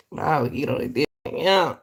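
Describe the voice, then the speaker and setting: Slow-talking woman giving casual commentary. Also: deep voice, husky. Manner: unhurried, talks straight to viewers with folksy asides. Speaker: commentary host.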